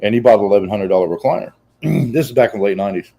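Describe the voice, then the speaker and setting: Mellow-voiced man in his forties spinning an anecdote. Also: lowish voice, rapid-fire, creaky, poor audio. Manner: animated anecdote teller. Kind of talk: casual chat.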